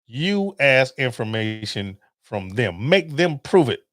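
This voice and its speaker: A man's voice: mid-range voice, slow pace, no room sound, clean studio sound. A man hosting a podcast, chatting casually and animatedly as he tells stories and acts out phone calls. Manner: animated storytelling with laughs and acted-out phone calls. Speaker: podcast host. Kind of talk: casual monologue.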